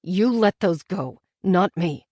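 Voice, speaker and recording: Woman narrator doing a tender young lover, low-key and earnest, a soft pleading voice. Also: animated, takes it slowly, no room sound, muffled recording. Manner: gentle, soft-spoken, pleading. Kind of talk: audiobook character voice.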